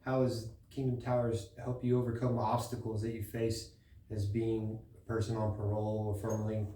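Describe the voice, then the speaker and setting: Mellow-voiced interviewer, off mic. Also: male voice, on the low side, level tone, normal speed, recorded from a distance. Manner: searching, rephrases his questions. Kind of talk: interview questions. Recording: echoey room, off mic.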